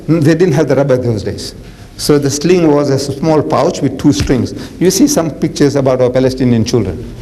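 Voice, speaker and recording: The audio is poor, but you can hear a man in his seventies with a South African accent, an Islamic preacher, giving an animated lecture built on stories. His voice sits on the high side and sounds warm, and his theatrical, casual delivery is scattered with "man" and "you know."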